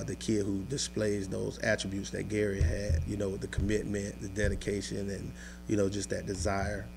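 Coach, male, low monotone voice, halting interview recall with soft music under it. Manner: halting, many fillers and restarts. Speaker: high school football coach. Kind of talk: emotional interview recollection.

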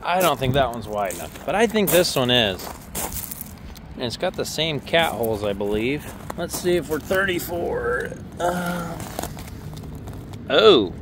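A man's voice: on the high side, sing-song, unhurried, background noise. A man casually narrating an equipment dealer's vlog, chatty and self-joking, thinking aloud as he works around a yard and shop.

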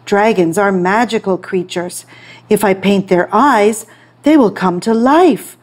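Woman playing an anxious storybook painter; pleading, slow. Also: medium pitch, darkish tone, natural voice. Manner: pleading and worried. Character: anxious, cautious male painter.

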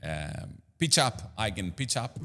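Bright-toned man demonstrating gear. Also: fairly low pitch, very animated, a little slow. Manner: explanatory, with many fillers. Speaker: host. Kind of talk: product demo tutorial. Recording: room with long reverb.

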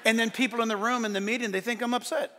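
A male pastor preaching a sermon in a church, swinging between loud emphatic lines and hushed asides. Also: very high-pitched, fairly even intonation, racing, a little hiss or hum. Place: church sanctuary. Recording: long church hall reverb.

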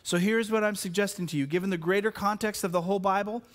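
Preaching as pastor, this high-pitched man alternates excited, loud outbursts with slow, hushed stress on important words. He's an adult with children, and he often trips over words and repeats himself as a point takes shape.

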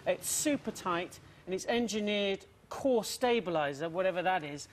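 A man's voice: high-pitched, expressive, moderate pace. A young man presenting a live breakfast TV sports bulletin, self-mocking and chatty, a little out of breath.

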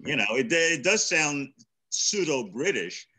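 Man, bright forceful voice, thoughtful, hesitant, video call discussion. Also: fairly high pitch, very animated, a little slow, poor audio. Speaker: discussion series presenter. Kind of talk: casual group discussion.

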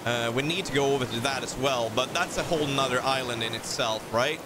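A man hosting a let's play, chatting playfully with excitable exclamations as he explores. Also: medium pitch, a little fast, very noisy. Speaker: gaming video host.

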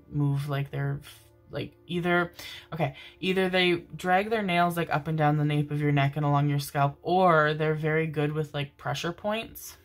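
Low-voiced woman giving a rambling tarot reading. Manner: rambling, affectionate, swears casually, many fillers. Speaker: tarot reader. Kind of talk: casual intuitive reading monologue.

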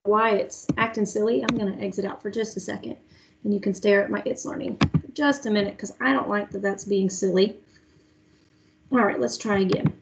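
In lo-fi online class audio, a young female music teacher sings brief phrases for small kids to repeat, patiently guiding the lesson. She speaks briskly in a mid-range, steady voice, with background noise audible.

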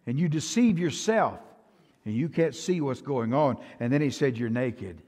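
An older man with a Texan accent preaching a sermon as pastor, swinging from hushed to loud and often repeating himself. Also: a little high, lively intonation, moderate pace. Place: church sanctuary. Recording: long church hall reverb.

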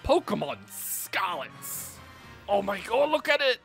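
An excitable man narrating a let's play in a casual, exclaiming way, with a very lively pitch that jumps all over. He swears and reacts loudly to what he sees. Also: slow pace, creaky, faint music behind. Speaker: gaming streamer.

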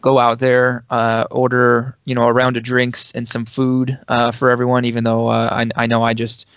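Flat-voiced man stammering through his turn. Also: mid-range voice, moderate pace, smooth, no echo. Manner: flat, stammering, repeats words. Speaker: player. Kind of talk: tabletop game chat. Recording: dry, dull lo-fi audio.

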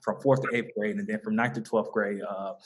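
A man's voice: fairly low pitch, little pitch movement, brisk. A young man from the American South with a Southern accent, a guest telling an interviewer about his mentoring group in an earnest, rambling way full of fillers and restarts. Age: young adult. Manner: earnest, many fillers and restarts, laughs easily. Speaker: guest, mentoring organization founder. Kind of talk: conversational interview.

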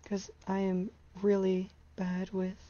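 A young woman streamer talks through a horror game in an anxious, exasperated ramble. Her voice is mellow and warm. It comes through a slightly dull, lo-fi home mic. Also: mid-range voice, completely flat delivery, slow. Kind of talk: live gameplay commentary.

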